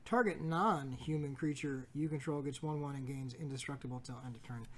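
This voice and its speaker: A man from the United States hosts a casual card shop pack-opening video, reading card text aloud with jokey asides and the occasional stumble. His voice is mid-range and his pace fairly quick.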